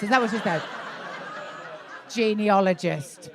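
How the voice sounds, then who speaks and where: A woman's voice: a little high, big pitch swings, measured pace, fairly bright tone. A middle-aged woman doing live stand-up in a comedy club, blunt and sweary, teasing audience members about their relationships. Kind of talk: live stand-up crowd work.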